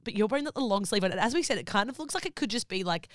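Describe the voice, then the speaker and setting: A woman's voice: mid-range voice, expressive, no room sound, studio quality. A young woman co-hosting a podcast, chatting casually and filling her talk with "like". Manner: chatty and fast-talking, full of "like". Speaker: podcast co-host. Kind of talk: casual chat.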